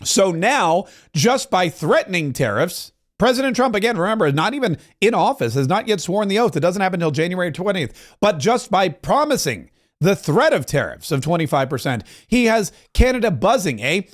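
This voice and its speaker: A man's voice: high-pitched, very animated, normal speed. A man hosting a political commentary show, talking emphatically with sarcastic asides. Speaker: talk show host.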